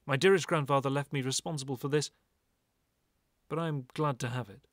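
A man doing a sharp-voiced German collector. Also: mid-range voice, fairly even intonation, brisk, no room sound, clean studio sound, lightly acted. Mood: cold, polite. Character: tall stern middle-aged German collector.

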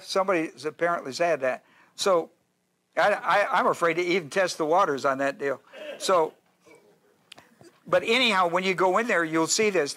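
A man's voice: on the high side, bright, forceful tone. A male pastor teaching a sermon in a folksy, joking way, with restarts and asides to his listeners.

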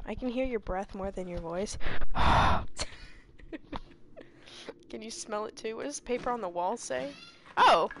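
A woman streaming a game live, excitable and shouty, swearing often. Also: mid-range voice, creaky. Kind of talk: live gameplay chat.

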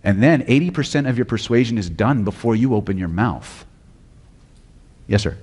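A man's voice: medium pitch, animated, normal speed, a little mellow, breathy edge, long reverb tail. A man teaching hypnosis at a live seminar, blunt and profane, often quizzing the audience. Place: lecture hall with audience.

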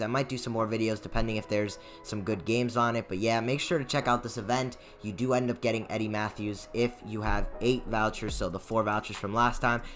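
A young man giving casual commentary over his own baseball video game, swinging between muttered asides and loud outbursts. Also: medium pitch. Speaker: gaming YouTuber.

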